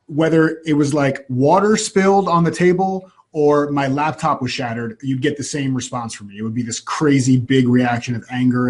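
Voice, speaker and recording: Male guest, husky tone, animated storyteller, restarts a lot. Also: medium pitch. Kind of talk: personal storytelling in an interview.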